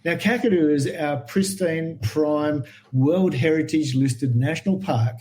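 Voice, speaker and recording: An Australian man tells stories in a podcast chat, his voice sitting a little high. He brings people to life by acting out what they said, and keeps the tale rolling. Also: a little slow, a little hiss or hum, rough recording. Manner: animated anecdotal storyteller, acts out quoted voices. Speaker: guest herpetologist. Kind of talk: storytelling in a podcast interview.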